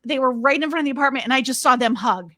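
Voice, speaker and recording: A woman co-hosting a podcast, chatting casually and telling stories excitedly. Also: sits high, very fast, no room sound, clean studio sound. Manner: excitable, animated storyteller. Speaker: podcast co-host. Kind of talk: casual chat.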